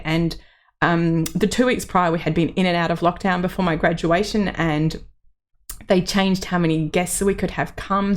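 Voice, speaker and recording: A middle-aged woman, hosting her own podcast in a chatty, open way with plenty of ums. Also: fairly low pitch. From Australia. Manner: chatty and open, many ums, laughs through emotion. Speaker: podcast host. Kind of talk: solo podcast reflection.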